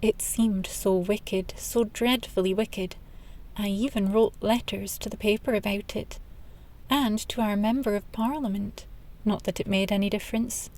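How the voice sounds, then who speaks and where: A woman voicing a cheerful, kindly old countrywoman lying in a hospital bed, who speaks gently and fondly of the past. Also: mid-range voice, fairly even intonation, a little slow, lightly acted, poor audio. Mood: wistful. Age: over 60. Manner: gentle, contented, reminiscing.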